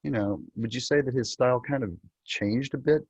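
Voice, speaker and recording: A man's voice: brisk, a little mellow, slightly rough, dry recording. A man hosting a talk show, asking long, loosely phrased questions in casual chat. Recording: dull, dry low-fidelity audio.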